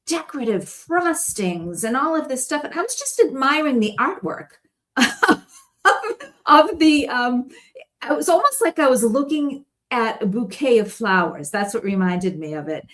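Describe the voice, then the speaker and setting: A woman's voice: high voice, sing-song, a little slow, a bit bright. A woman guest in casual conversation, telling stories in a chatty way and laughing often. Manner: chatty storytelling with frequent laughs.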